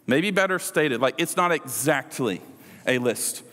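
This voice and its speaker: A man's voice: mid-range voice, animated, unhurried, bright, forceful tone. A man preaching a sermon in a casual, conversational way, with playful asides to the congregation. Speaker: pastor. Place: church sanctuary. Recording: church hall reverb.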